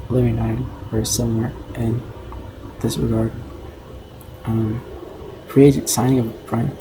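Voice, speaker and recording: A man's voice: mid-range voice, background noise. Rambling young male streamer. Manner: rambling and self-conscious, heavy filler words. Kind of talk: casual livestream commentary.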